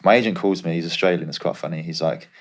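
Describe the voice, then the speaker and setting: A man's voice: low-pitched, quick pace. A young man, a former footballer, co-hosting a podcast and telling stories in a laid-back way. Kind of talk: casual podcast chat.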